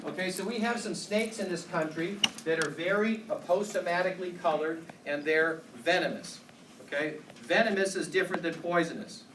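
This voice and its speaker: A man teaches a university biology class in a casual, joking way, tossing questions to the students. His voice sits a little high. He is picked up from a distance in a roomy, echoing lecture hall with clear background noise. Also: normal speed, a bit bright. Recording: echoey hall from far off, noisy.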